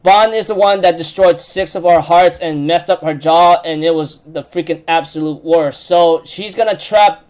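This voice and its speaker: High-voiced man rambling through a recap. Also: darkish tone. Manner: rambling, filler-heavy, laughs often. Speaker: recap host. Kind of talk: casual spoken recap.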